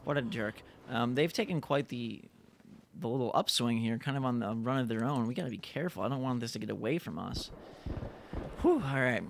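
A young man giving chatty, excitable live commentary while playing a multiplayer game. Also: mid-range voice, fairly quick, vocal fry, slight background noise. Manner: excitable, chatty, reacts loudly to the action. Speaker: gaming YouTuber.

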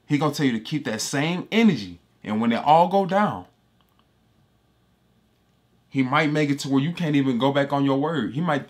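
A man giving casual, emphatic scripture commentary, repeating himself and calling listeners bro. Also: medium pitch. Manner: emphatic and repetitive, slangy street talk, addresses listeners as bro. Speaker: Bible teacher.

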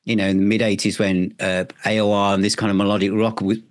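Male podcast host, low voice, dry sound; eager, long wandering questions. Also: little pitch movement, quick pace, no room sound. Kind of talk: interview questions.

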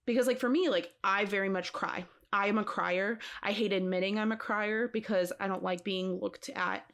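Animated, laughing woman podcast co-host. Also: medium pitch. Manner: expressive, emphatic, quick to laugh. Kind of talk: casual chat.

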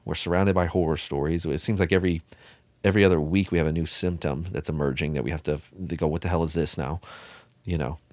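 Man, middle-aged, very deep voice, blunt, folksy, rambling, casual swearing, coach answering questions, dead dry room. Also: steady tone, fast talker, darkish tone, dry recording. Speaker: benzo withdrawal coach. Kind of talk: casual Q&A monologue.

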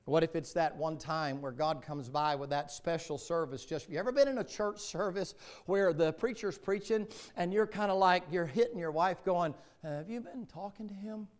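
A man's voice: a little high, moderate pace, few pauses. A man with a Southern US accent preaching a sermon as pastor, in a folksy, joking storytelling manner.

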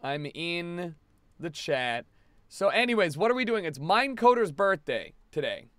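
A man with a somewhat high, smooth and resonant voice talks to his live stream chat while he plays. He rambles and rants, swearing freely as he vents at home. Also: very animated, unhurried, fairly bright tone, no room sound. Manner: ranting, profane, rambling. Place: home apartment.

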